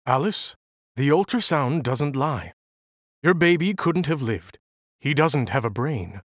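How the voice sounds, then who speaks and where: A narrator doing a calm, grave male doctor. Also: mid-range voice, unhurried, dry recording, studio quality. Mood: gravely calm. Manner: soft, steady, reassuring. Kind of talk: audiobook character voice.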